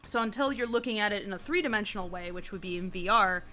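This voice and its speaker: A woman's voice: medium pitch, fast, bright, forceful tone, soft background music. A woman hosting a casual livestream, talking animatedly with lots of laughing and "like". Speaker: comic artist and animator, stream host.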